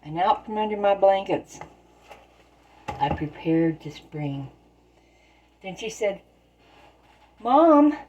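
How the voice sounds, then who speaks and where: A woman's voice: on the low side, slow, long pauses, mellow, slight background noise, rough recording. A woman telling folksy stories in plain, rural turns of phrase while she bakes in her home kitchen. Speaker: storyteller and home baker. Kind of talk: casual spoken storytelling while baking.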